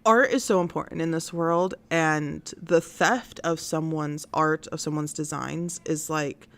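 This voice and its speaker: A woman's voice: low voice, fairly even intonation, measured pace, creaky, a bit bright. Exasperated woman hosting a commentary stream. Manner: blunt, exasperated, rambling with fillers. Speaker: host of a news and commentary stream.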